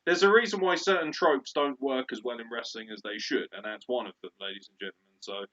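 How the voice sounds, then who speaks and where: A man's voice: mid-range voice, fast, pushed and bright. Guy cohosting a podcast, swears a ton, laughs a lot, dull lo-fi sound. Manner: profane, laughs often, rambling. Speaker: podcast co-host. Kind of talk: casual chat. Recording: lo-fi dull audio.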